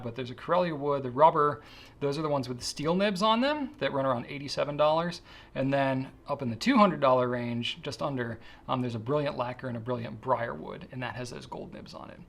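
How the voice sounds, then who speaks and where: A man hosting a pen shop question-and-answer show, talking casually and easygoing, thinking out loud as he handles a pen. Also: mid-range voice, vocal fry. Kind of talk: casual chat.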